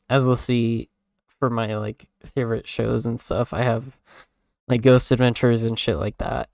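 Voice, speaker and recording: A man's voice: medium pitch, creaky, no room sound, clean studio sound. A young man streamer chatting in a casual, rambling way, full of "like" and "um" fillers and offhand swearing.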